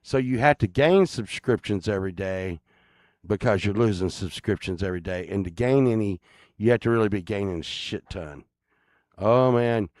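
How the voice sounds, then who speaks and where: A man's voice: on the low side, normal speed, darkish tone, no room sound, clean studio sound. A man hosting his own channel, talking casually to viewers in a rambling, crude, joking way. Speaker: channel host.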